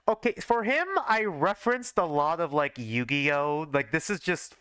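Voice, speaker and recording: A young man in his early twenties rambles through his old fanfiction on a live stream, full of fillers and self-mockery. His voice is bright, crisp and a little high, recorded dry and close. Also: measured pace, few pauses, no room sound. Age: early 20s. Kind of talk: casual live-stream commentary.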